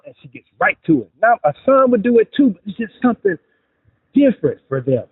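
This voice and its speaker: A man giving relationship advice in a casual, animated monologue, with joking asides. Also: sits high, a little fast, slightly rough, dry recording. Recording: dry, tinny phone-like sound.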